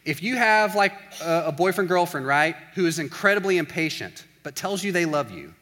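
A college pastor preaching in a relaxed, conversational way, animated, acting out everyday scenes and saying "like" a lot. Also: male voice, a little high, normal speed, long reverb tail. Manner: animated, acts out little scenes in quoted voices, says "like" often. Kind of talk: casual conversational sermon.

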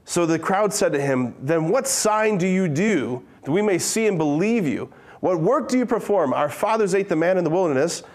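A man preaching a conversational sermon. He reads scripture slowly and dramatically, then breaks into casual asides and quick questions to the listeners. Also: sits high, expressive.

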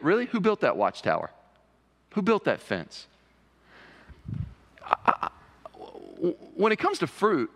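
Pastor preaching in reverberant church. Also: male voice, fairly high pitch, fairly bright tone. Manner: conversational preaching, rising to emphatic pleading. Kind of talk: sermon. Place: church sanctuary. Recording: long reverb of a church sanctuary.

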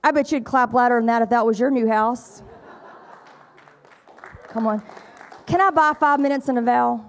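Woman preacher with a high voice, storytelling sermon style that coaxes the congregation. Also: normal speed, long pauses, a faint crowd, slight background noise. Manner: retells stories with frequent repetition.

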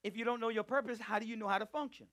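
A man teaching a Bible study, preaching emphatically and calling out to his listeners, swinging between loud and hushed delivery. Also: sits high, steady tone, very fast. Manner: emphatic, calls out to the group. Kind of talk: preaching to a live group.

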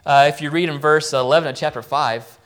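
A man's voice: on the high side, fairly even intonation, brisk, a bit bright. A man preaching in a church, retelling a Bible story casually and acting out the quoted lines. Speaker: pastor. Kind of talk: sermon recap of a Bible story.

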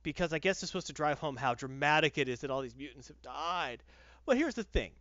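A man's voice: a little high, lively intonation, fairly quick, fairly bright tone, no room sound. Sarcastic man ranting, dull lo-fi sound. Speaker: comic book reviewer. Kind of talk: casual podcast chat.

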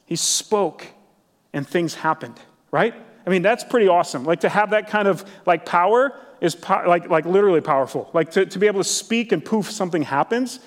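Middle-aged male pastor, high-pitched, chatty and excitable preaching in a church with lingering echo. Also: brisk. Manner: casual, enthusiastic, many "like" fillers. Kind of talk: sermon. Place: church sanctuary. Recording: long church hall reverb.

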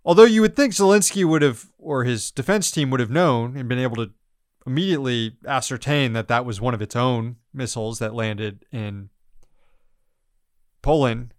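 A male podcast host with a smooth, clear voice who runs through news items in blunt, sarcastic commentary. He laughs often and swears freely. The sound is dry and close. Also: mid-range voice, moderate pace, no echo.

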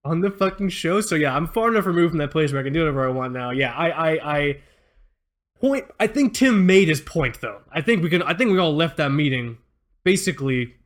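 Lively, animated podcast storyteller man. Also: on the high side, fairly quick. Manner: animated storyteller, acts out quotes, laughs often. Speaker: podcast host.

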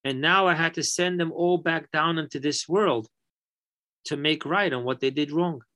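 A man's voice: a little high, moderate pace, sharp tone. A man voicing God who patiently explains to a prophet.

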